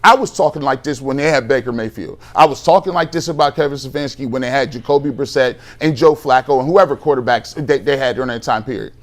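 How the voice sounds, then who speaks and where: A man co-hosting a sports talk show, arguing his point with heat, emphatic and repeating himself as he builds his case. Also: on the high side. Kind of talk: heated sports talk debate.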